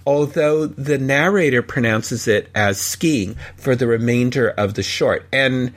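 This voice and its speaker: A man hosting a podcast, chatting casually and reading cartoon credits and history. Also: measured pace. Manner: chatty, reads credits and trivia, lively pitch. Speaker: podcast host.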